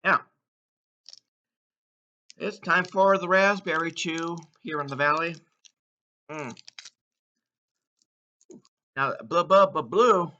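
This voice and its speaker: A man taste-testing candy in a casual vlog, exuberant, letting out whoops between slow, savoring remarks. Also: on the high side, bright, forceful tone, highs cut off. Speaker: candy taste-test vlogger. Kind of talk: casual taste-test commentary.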